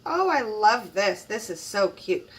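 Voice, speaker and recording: Woman, casual unboxing narration, gushing and admiring, slow talker, slightly distant mic. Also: medium pitch, big pitch swings. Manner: gushing, admiring, many soft exclamations. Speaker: crafting channel host.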